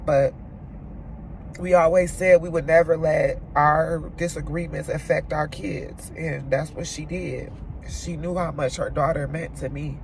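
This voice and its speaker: Tearful woman venting, gravelly voice. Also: deep voice, steady tone, measured pace, a little mellow, slight background noise. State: crying. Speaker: vlogger. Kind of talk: emotional car chat to camera. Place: inside a parked car.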